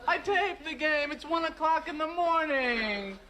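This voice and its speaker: A man's voice: very high voice, expressive, unhurried, crowd noise. An actor playing an exasperated man complaining that his taped game was spoiled, in a whining way. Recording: sitcom clip with loud audience and noise.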